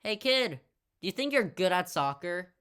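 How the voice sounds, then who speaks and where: A woman's voice: lowish voice, sing-song, normal speed, fairly bright tone, clear, resonant tone. A woman voicing a pushy, scheming boy at summer camp in a storytime video, speaking close to her own voice. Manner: pushy, mock-threatening.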